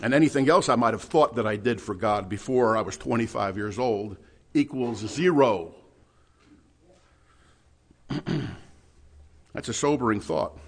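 A middle-aged man preaching a sermon, emphatic, with loud stressed words and quiet asides. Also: medium pitch. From New Jersey.

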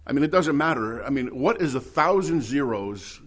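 A middle-aged man preaching a sermon, emphatic, with loud stressed words and quiet asides. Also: mid-range voice, lively intonation, normal speed. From New Jersey.

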